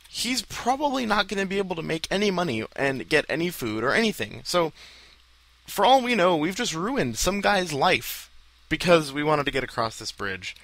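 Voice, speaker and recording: Joking, rambling let's play host. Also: male voice, a little high, rough recording. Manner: rambling, joking, self-deprecating asides. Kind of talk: casual gameplay commentary.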